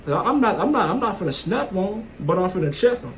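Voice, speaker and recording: A man's voice: sits high, sing-song, brisk, hardly any pauses, darkish tone, slight background noise, low-quality recording. A man telling a casual, profane story in a blunt, streetwise way. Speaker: vlogger. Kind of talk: casual monologue.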